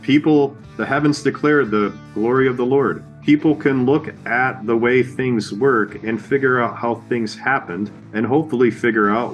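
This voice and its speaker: A man's voice: medium pitch, moderate pace, few pauses, soft background music. A man co-hosting a podcast, talking earnestly and conversationally, laying out his points one by one. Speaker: podcast co-host. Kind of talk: casual chat.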